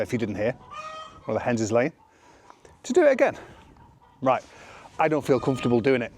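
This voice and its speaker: A man's voice: medium pitch, a little mellow. A man in his fifties from the UK, chatting casually to camera in a rambling, self-deprecating way. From United Kingdom. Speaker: vlogger.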